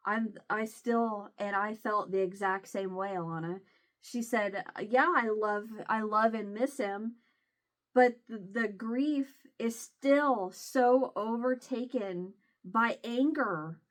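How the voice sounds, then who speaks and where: Woman vlogger with a Southern Illinois accent, casual chat, halting and emotional, near tears, mid pitch. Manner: halting, emotional, many restarts.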